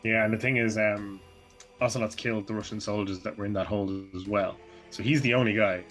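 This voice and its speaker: A male co-host with a low voice chimes in and expands on the plot in relaxed chat. Faint music sits underneath. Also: brisk. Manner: chatty, agreeing, adds detail. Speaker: podcast co-host. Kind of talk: casual game retrospective chat.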